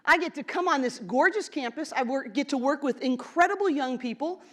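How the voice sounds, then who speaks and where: A woman speaks to a conference audience in a high, light voice. She is middle-aged, earnest and chatty, with plenty of "you know" and "um" as she works through her points. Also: lively intonation, fairly quick, a bit bright. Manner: earnest, conversational, many fillers and asides. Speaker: basketball coach giving a talk. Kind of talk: motivational conference speech. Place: conference hall.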